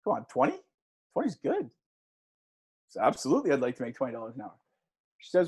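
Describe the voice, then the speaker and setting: A man gives a motivational talk to a class, his pitch swinging up and down as he tells a story. His voice is a little husky, and he keeps pulling the listeners in with questions. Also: big pitch swings, normal speed, long pauses, a little mellow. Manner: engaging, asks audience for shows of hands; storytelling with a conversational tone. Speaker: guest speaker.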